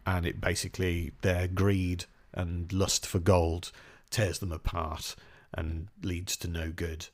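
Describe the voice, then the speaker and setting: A man with a lowish voice co-hosts a podcast in easy, casual chat. He talks in a dry way, setting his partner trivia questions and explaining the answers. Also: little pitch movement, slow pace. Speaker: podcast co-host.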